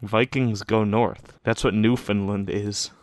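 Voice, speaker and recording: A man playing a tabletop game, talking in a dry, deadpan way. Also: on the low side, measured pace. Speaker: player.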